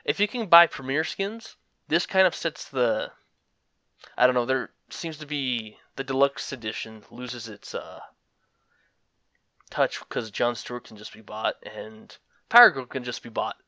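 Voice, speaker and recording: Bright-voiced young man, casual game talk. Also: medium pitch, unhurried, no room sound. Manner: rambling, with frequent fillers and chuckles. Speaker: gaming commentator. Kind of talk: casual gaming commentary.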